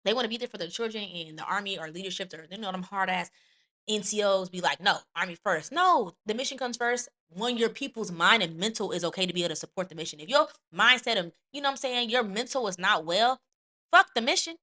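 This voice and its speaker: A woman hosting a podcast and serving as an Army NCO, talking bluntly with lots of profanity in a candid, animated chat. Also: mid-range voice, fast talker.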